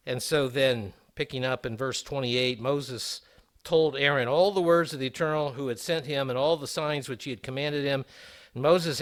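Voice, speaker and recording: A middle-aged man preaching a sermon, reading scripture aloud and adding conversational asides. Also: mid-range voice. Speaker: pastor.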